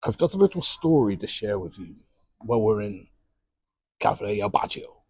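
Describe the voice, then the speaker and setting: Speaking at normal speed with big pitch swings, a man from Wales talks to camera in a cruise ship bar, holding a small handheld mic. He's a pub-reviewing vlogger telling self-mocking stories in a lowish, gravelly, husky voice with a darkish tone, recorded dry.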